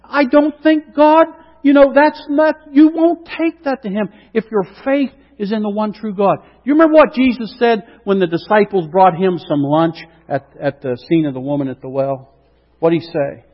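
High-voiced preacher guy, punchy and emphatic, dull muffled sound. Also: normal speed. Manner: emphatic, rhetorical questions, swings from quiet to loud. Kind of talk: sermon. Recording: dull sound with long reverb.

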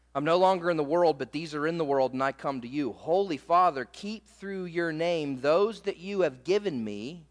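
A man preaching a sermon as pastor, emphatic, slowing down to read scripture aloud. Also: sits high, a bit bright, in a large hall.

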